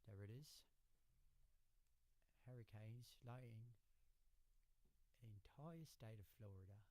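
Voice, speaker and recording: A man's voice: on the low side, slow pace, mellow, a little hiss or hum. A man hosting a radio music show, joking around in the studio before announcing the band on air. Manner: playful, joking between takes. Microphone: studio microphone.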